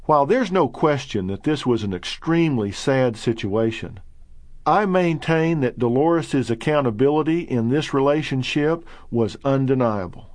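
Male narrator, middle-aged, earnest and measured, bone-dry booth sound. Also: mid-range voice, animated, a little mellow, no room sound. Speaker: narrator reading his own book. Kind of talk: audiobook narration.

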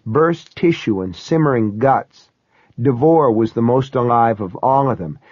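A man reads a first-person horror story with measured, steady storytelling. His voice is dry and close, and the recording sounds dull and lo-fi. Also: medium pitch, dry recording. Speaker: audiobook narrator.

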